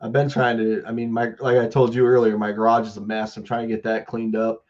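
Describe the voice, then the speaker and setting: A man's voice: on the low side, flat delivery, fairly quick, darkish tone, a little hiss or hum. A man co-hosting a podcast in casual chat, rambling and often restarting his sentences. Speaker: podcast co-host. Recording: slightly dull lo-fi sound.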